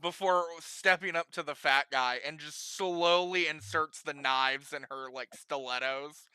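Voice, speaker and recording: A man narrating as game master of a tabletop game, relaxed, laughing often and swearing casually. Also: a little high, a little slow, smooth, no room sound.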